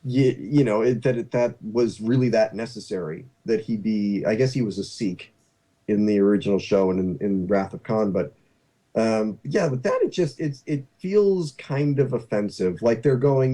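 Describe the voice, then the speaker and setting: A man hosting a casual talk show, rambling and halting with many restarts. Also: fairly low pitch, lively intonation, warm tone. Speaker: podcast host. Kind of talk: casual chat.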